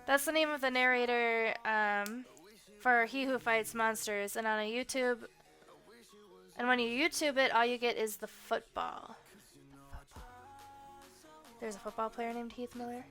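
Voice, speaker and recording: A woman's voice: a little high, fairly even intonation, normal speed, sharp tone, faint music behind. An American woman streaming while she colors, chatting in a rambling, casual way and swearing now and then. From United States.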